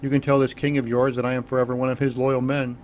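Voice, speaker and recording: A man's voice: mid-range voice, little pitch movement, fast, a little mellow, slight background noise, lightly acted. A man voicing an earnest, talkative engineer who explains things at length. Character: grateful middle-aged male engineer, talkative.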